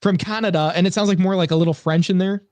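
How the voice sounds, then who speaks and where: A man's voice: sits high, fairly even intonation, rapid-fire, a little mellow, no echo. A man co-hosting a casual comedy podcast, rambling with lots of fillers and restarts. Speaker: podcast co-host.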